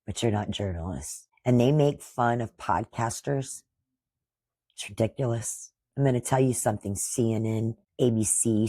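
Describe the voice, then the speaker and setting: A woman's voice: a bass voice, warm tone, husky, no echo, studio quality. A woman in her sixties hosting a podcast, delivering a combative political commentary monologue and scolding opponents directly. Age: 60s. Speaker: podcast host.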